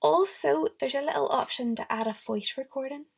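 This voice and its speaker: A woman's voice: high-pitched, normal speed, gravelly. A young woman teacher giving a recorded lesson to young children, encouraging them and speaking straight to them. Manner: encouraging, talks directly to the children. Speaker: primary school teacher.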